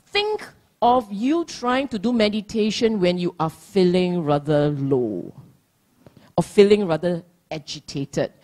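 A woman's voice: on the low side, expressive, measured pace, a little mellow. A middle-aged woman giving a dharma talk, playful and teasing, laughing often. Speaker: dharma teacher.

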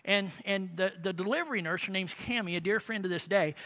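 A man's voice: high voice, fairly quick, sharp tone. A middle-aged man preaching, telling a family story in a folksy, rambling way with many asides and tag questions. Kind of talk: sermon storytelling.

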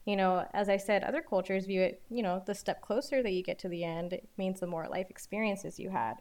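A woman in her late twenties co-hosting a casual discussion. She explains each point in a measured, steady way. Her pitch sits in an ordinary middle range. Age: late 20s. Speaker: podcast co-host.

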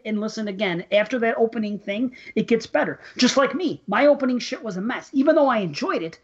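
A man's voice: extremely high pitch, animated, brisk, breathy edge, lo-fi sound. Blunt, swearing man in casual chat. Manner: blunt and swearing, self-deprecating. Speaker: podcast co-host.

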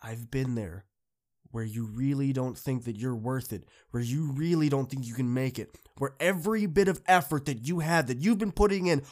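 A man's voice: medium pitch, normal speed. A man hosting a podcast, giving an earnest, encouraging motivational talk to students that builds to emphatic peaks. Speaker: podcast host.

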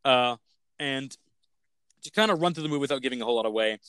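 A man's voice: medium pitch, expressive, fast talker, fairly bright tone, smooth, no echo, studio quality. A man hosting a casual podcast, talking enthusiastically and rambling with tangents. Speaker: podcast host reviewing films. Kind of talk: casual chat.

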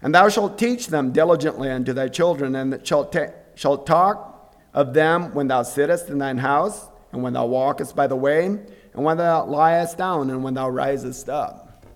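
A man giving a devotional sermon in an earnest, conversational way, often pausing to clear his throat. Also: mid-range voice. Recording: long reverb of a hall.

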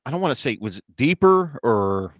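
A middle-aged man hosting a casual chat, relaxed and teasing as he tells a story. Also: medium pitch, moderate pace, no echo.

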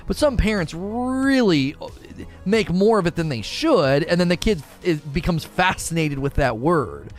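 A man's voice: a little high, expressive, normal speed, faint music behind. A man in his thirties, a father, giving blunt opinions in casual chat while answering questions, often restarting his sentences.

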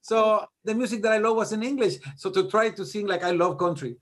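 A middle-aged man chats as an interview guest with a slightly high, lively voice. He tells his stories with animated, self-mocking humor and laughs at himself along the way. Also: brisk. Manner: animated, self-deprecating joker. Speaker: guest music producer. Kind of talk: casual interview storytelling.

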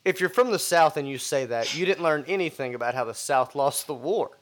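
A man's voice: a little high, expressive, fairly quick, a little hiss or hum. A man co-hosting a casual podcast, talking bluntly, swearing freely and stumbling over repeated words as he starts sentences. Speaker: podcast co-host.

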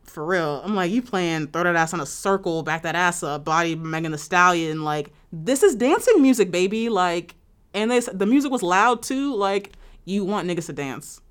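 A young woman co-hosting a casual podcast chat, talking with animated indignation and plenty of swearing. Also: lowish voice, normal speed, clean tone. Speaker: podcast co-host.

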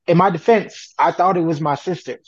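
Animated profane man telling a story. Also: on the high side, a little fast, slightly rough, dry recording, lo-fi sound. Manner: animated, profane, acts out quoted voices. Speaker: podcast co-host. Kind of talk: casual storytelling.

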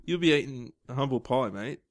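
A man's voice: mid-range voice, moderate pace, no room sound, studio quality. A man co-hosting a podcast, joking and laughing through casual banter. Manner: giggly, lively banter. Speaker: podcast co-host.

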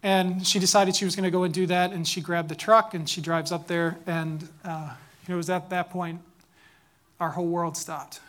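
A man in his thirties telling a personal story, growing loud and urgent as it builds. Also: sits high, steady tone, moderate pace.

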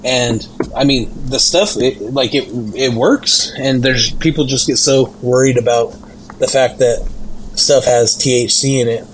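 A man's voice: mid-range voice, a little slow, a little hiss or hum, low-quality recording. Easygoing young man explaining. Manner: easygoing, explains with many fillers. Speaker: podcast co-host. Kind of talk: casual chat.

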